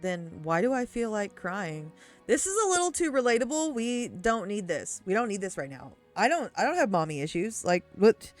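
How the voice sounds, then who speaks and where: A woman's voice: mid-range voice, sing-song, moderate pace, no room sound, faint music behind. A young woman streamer reading a visual-novel game aloud with giggly, swearing commentary.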